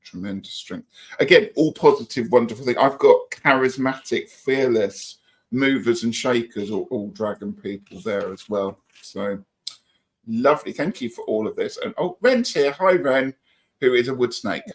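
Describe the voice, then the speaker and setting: A middle-aged man with a medium-pitched voice speaks at a moderate pace while co-hosting a livestream. He chats casually and reads viewer comments aloud in an upbeat, friendly manner.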